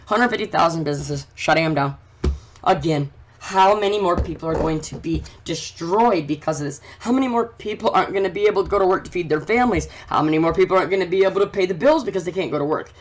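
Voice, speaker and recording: A man's voice: high voice, quick pace, slight background noise. A man hosting a commentary vlog, reading news aloud and ranting about it in a fervent, preachy way that urges his listeners. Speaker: channel host.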